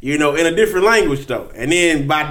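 A man with a high voice that swings widely in pitch joins a casual conversation. He interjects eagerly, correcting details and adding his own. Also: expressive, quick pace, fairly bright tone. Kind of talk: casual chat.

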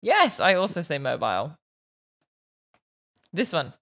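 A woman's voice: sits low, huge pitch swings, a little slow, a bit bright. A young British woman with a British accent, casually quizzing a friend and correcting his pronunciation with amused teasing. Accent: British English. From Britain. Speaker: vlog host.

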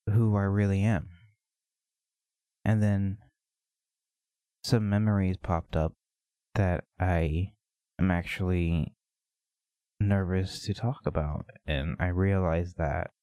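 A man hosting his own podcast, talking through personal thoughts in a reflective, halting way with many pauses. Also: deep voice, mellow, no echo. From United States. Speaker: podcast host. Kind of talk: personal confessional podcast monologue.

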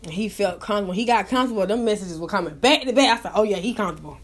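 A woman hosting her own live talk show, chatting casually in an animated, profane, gossipy way. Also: medium pitch, very fast. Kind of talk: casual chat.

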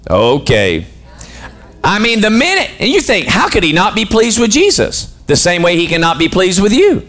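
A man delivers a lively sermon in a church. His voice sits high for a man and swings widely in pitch. He keeps putting questions to the congregation between the scripture readings. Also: normal speed. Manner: call-and-response preaching, questioning the congregation. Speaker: pastor.

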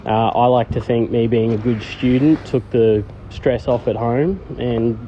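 A man leaving a relaxed, friendly voice message for a podcast, pausing often on fillers. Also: medium pitch, lo-fi sound. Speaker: listener calling in by voice message. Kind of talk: casual voice message. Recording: voice message with clear background noise.

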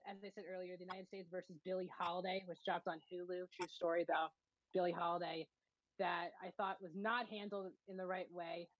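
A woman's voice: fairly low pitch, dry recording, lo-fi sound. A woman co-hosting a podcast, reviewing movies in a matter-of-fact, casual way with frequent ums.

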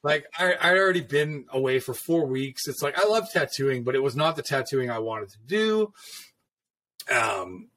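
A man's voice: mid-range voice, animated, moderate pace, a bit bright. A veteran tattoo artist, a man, telling stories from his career in a rambling, profane, casual way. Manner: rambling, profane, filler-heavy. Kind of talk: casual storytelling.

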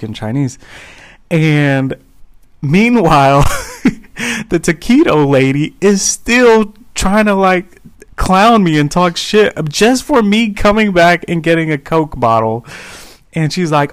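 A man co-hosting a casual podcast tells an anecdote in an unhurried, amused drawl. His voice sits mid-range and comes across dry and close, with no room in it. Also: medium pitch, no echo. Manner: laid-back, amused, chuckling. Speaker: podcast co-host.

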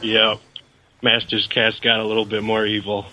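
Sharp, flat-voiced male guest. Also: lowish voice, normal speed, soft background music, poor audio. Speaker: guest co-host. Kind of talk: casual chat.

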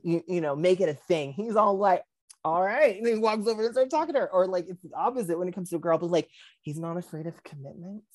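A man in his thirties, co-hosting a podcast in casual chat, telling animated stories full of acted-out quotes and frequent laughter. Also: sits high, no echo, studio quality. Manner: animated storyteller acting out quotes, laughs often. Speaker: podcast co-host.

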